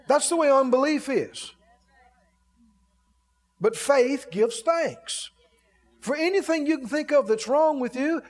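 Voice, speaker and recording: A man preaching a sermon in an animated way, acting out grumbling people for his congregation. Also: extremely high pitch, big-room sound.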